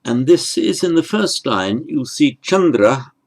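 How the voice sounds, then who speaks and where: A man teaching Sanskrit grammar in an online lesson, explaining slowly and carefully and correcting himself as he goes. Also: medium pitch, big pitch swings.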